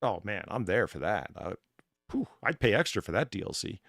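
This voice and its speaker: A man hosting a casual chat, animated and laughing, with frequent restarts. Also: fairly low pitch, a little fast, dry recording, clean studio sound. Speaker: host.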